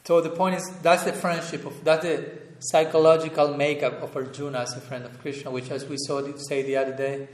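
A man giving a relaxed talk on scripture as a spiritual teacher, thoughtful, chuckling often and searching for words. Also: fairly high pitch, brisk, few pauses, a little hiss or hum. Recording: roomy echo, faint room ambience.

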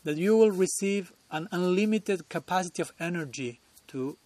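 Chuckling swami with a higher voice. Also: male voice, animated, moderate pace, a little mellow, dry recording. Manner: chuckles often, conversational and searching for words. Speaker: swami giving a temple lecture. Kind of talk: devotional lecture. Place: temple.

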